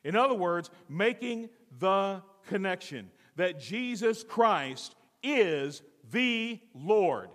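A man preaching a sermon with dramatic swings from loud to hushed, acting out the voices in the story. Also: high-pitched, in a large hall. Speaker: pastor.

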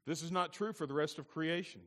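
A middle-aged man preaching a sermon as pastor, swelling to loud emphatic peaks and slowing down on key words. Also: a little high, big-room sound.

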